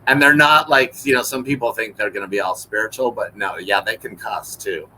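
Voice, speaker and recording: A man's voice: on the low side, brisk, pushed and bright, slight background noise, low-quality recording. A man, a guest on a live stream, chatting conversationally with frequent restarts. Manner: conversational, lots of fillers and restarts. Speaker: guest, chapter host. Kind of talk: casual live-stream chat.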